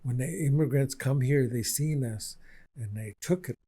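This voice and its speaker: An older man, an Indigenous elder, telling stories in a slow, repetitive, earnest way during a conversation. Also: mid-range voice, dark tone, breathy edge, low-quality recording. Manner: unhurried and repetitive, speaking with conviction.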